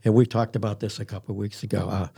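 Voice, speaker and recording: A man's voice: on the low side, little pitch movement, fast, creaky, dark tone, slightly rough. A man hosting a talk show about senior services, telling rambling stories with many ums and restarts. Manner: rambling storyteller with filler words and restarts. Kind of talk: casual podcast chat.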